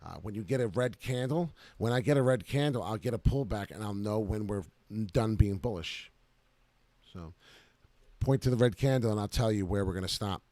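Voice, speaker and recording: A man giving brash, excited live commentary to viewers while trading crypto on charts. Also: on the low side, normal speed, no echo.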